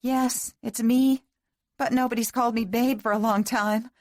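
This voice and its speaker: A woman's voice: fairly high pitch, fairly even intonation, normal speed, darkish tone, dry recording, clean studio sound, pitched above the performer's own voice, close to an everyday voice. A woman voicing a shaky, pleading young woman. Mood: emotional. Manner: pleading, tearful. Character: adult woman, emotional bride-to-be.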